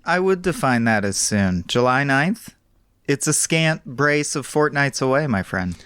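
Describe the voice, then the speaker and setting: A man's voice: medium pitch, lively intonation, a little slow, fairly bright tone, clear, resonant tone, dry recording. A man co-hosting a podcast in casual chat, with dry, wordy joking phrasing. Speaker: podcast co-host.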